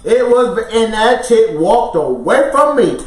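Recorded from a distance in a roomy space, a male podcast co-host tells a personal story in casual conversation. His voice is high-pitched and sing-song, and he speaks unhurriedly. He laughs often and acts out quotes.

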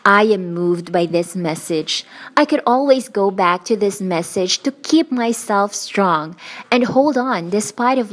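A woman narrating a scripted show outro in a calm, measured way. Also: medium pitch.

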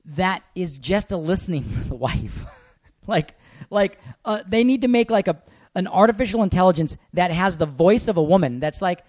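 A man's voice: high voice, lively intonation, normal speed, a little mellow, no room sound, clean studio sound. A man chatting casually with his wife, joking around with some swearing. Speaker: husband and co-host. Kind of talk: casual couple chat.

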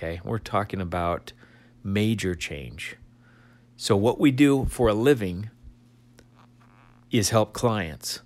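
Energetic man giving a motivational talk. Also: fairly low pitch, slow pace, pauses often. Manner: energetic, coaching tone with repeated exhortations. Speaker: insurance agency leader. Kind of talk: motivational talk to sales agents.

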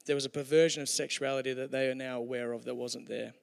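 A man's voice: mid-range voice, fairly even intonation, fast, vocal fry. A man giving a conversational, humorous sermon with storytelling, with hesitations, in a hall with long reverb. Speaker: preacher.

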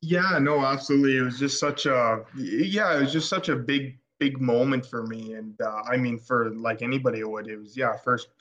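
A man from Alberta, Canada, a podcast guest telling a story in casual chat, excitable and rambling with many restarts. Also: mid-range voice, normal speed, few pauses. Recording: dull lo-fi podcast audio.

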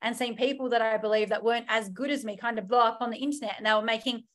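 Animated woman telling her story. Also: fairly high pitch, racing. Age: 30s. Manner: animated, acts out her own past thoughts in quoted voices. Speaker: podcast guest. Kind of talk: candid personal storytelling.

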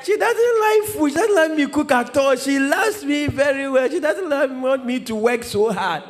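A man voicing a young wife who gushes about her husband in a shrill, high, crying-laughing voice. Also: expressive, normal speed. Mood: gushing.

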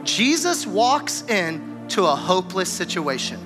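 A man's voice: high voice, sing-song, a little slow. A man preaching a sermon in a casual, conversational way, acting out the dialogue of a scripture story. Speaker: pastor. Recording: music playing behind.

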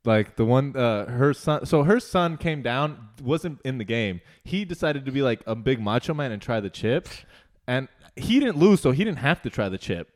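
A young man tells a story in a casual conversation. He swears freely and strings his thoughts together with constant fillers. His voice sits at a middle pitch. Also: moderate pace. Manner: animated, profane storytelling, heavy use of "like". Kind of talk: casual chat.

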